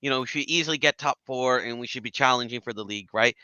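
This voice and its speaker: A man's voice: medium pitch, fast, bright, forceful tone, smooth, no room sound, dull audio. A man on a video call talking football as a panelist. He is earnest and often stumbles over his opening words. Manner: earnest, stammers restarts. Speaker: guest panelist. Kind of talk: casual football chat.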